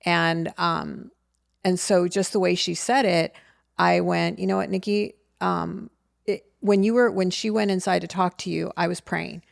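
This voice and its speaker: Gravelly low-voiced middle-aged woman. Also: steady tone, a little slow, no echo, clean studio sound. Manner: earnest, reflective, faith-centered. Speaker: podcast co-host, mother. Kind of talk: casual heartfelt conversation.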